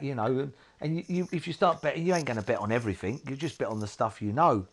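A man speaking as an interview guest, halting and repetitive, full of restarts and fillers. His pitch sits mid-range, and his speech is emotional and personal. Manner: halting, repeats himself, many fillers.

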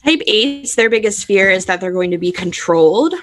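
A woman's voice: medium pitch, lively intonation, moderate pace, fairly bright tone. A woman guest on a chat podcast, explaining personality types steadily and often filling with "um" and "like". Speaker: Enneagram expert guest.

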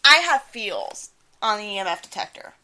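A young woman co-hosting a casual podcast, giggling often and acting out loud quotes. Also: medium pitch, moderate pace. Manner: giggly, animated, breaks into loud quoted yelling. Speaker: podcast co-host.

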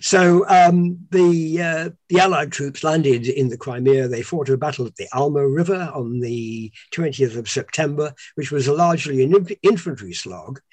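A British man explaining history in a relaxed conversational way at home, with many uhs and restarts. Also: fairly high pitch, normal speed, hardly any pauses, no room sound. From Britain. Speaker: historian guest. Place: home lounge.

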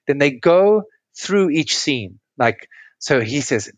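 Man, middle-aged, couples coach, explanatory storytelling, mid pitch, dry sound. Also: expressive, normal speed, no echo. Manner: explanatory, tells client stories step by step. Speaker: relationship coach and podcast guest. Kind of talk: interview, explaining with stories. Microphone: remote call.

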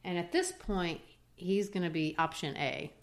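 A woman teaching literature, analysing a play in animated discussion. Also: fairly low pitch, unhurried.

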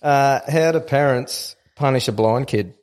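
Brief: Aussie male host, mid-pitched, loose jokey banter. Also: measured pace, darkish tone. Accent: Australian. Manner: jokey, laughs often, swears freely. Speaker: podcast host. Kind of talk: casual banter.

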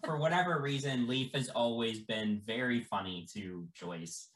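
A game master running a tabletop game, talking haltingly with many stammered fillers. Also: mid-range voice, fairly bright tone.

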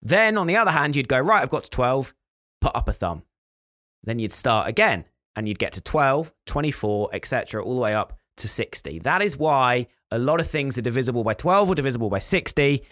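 A man's voice: medium pitch, big pitch swings, a little fast, hardly any pauses, fairly bright tone, dry recording, clean studio sound. A man co-hosting a podcast, explaining facts and telling stories in casual chat. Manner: explaining, storytelling. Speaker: podcast co-host.

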